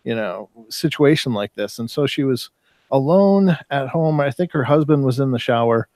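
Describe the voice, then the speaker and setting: A man's voice: medium pitch, lively intonation, normal speed, a little mellow, no room sound. A man telling a paranormal story in casual chat, rambling and repeating words as he goes. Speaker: talk show participant.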